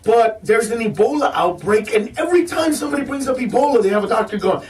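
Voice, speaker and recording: Male comedian guest, high voice, animated rants, off-mic studio sound. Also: fast talker, recorded from a distance. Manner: animated, ranting, stammering restarts. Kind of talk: casual radio chat. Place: radio studio.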